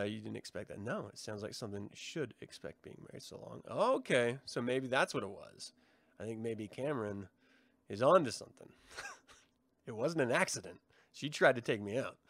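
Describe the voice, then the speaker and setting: A man's voice: mid-range voice, a bit bright, dry recording, clean studio sound. A man hosting a live stream, chatting casually with viewers, joking, swearing and laughing a lot. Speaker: livestream host.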